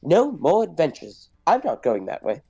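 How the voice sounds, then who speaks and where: A man's voice: a little high, wildly swooping pitch, normal speed, vocal fry, background noise, voice pushed up, full character voice. A man voicing a fussy, anxious male protocol robot who frets, complains and speaks primly. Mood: indignant. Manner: prim, fretful, complaining.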